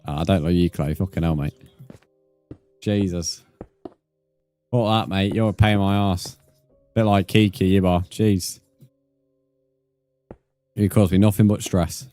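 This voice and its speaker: A man's voice: low-pitched, steady tone, unhurried, long pauses, warm tone, no echo, faint music behind. A man casually commenting on his gameplay and chatting with viewers, teasing them and swearing freely. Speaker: streamer.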